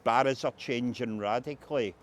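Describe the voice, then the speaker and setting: A man's voice: mid-range voice, moderate pace. Glaswegian man guiding a street tour. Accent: Scottish (Glasgow). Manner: anecdotal, acts out quoted voices, frequent "uh" fillers. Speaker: walking tour guide. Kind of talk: guided street tour storytelling. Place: outdoors on a city street.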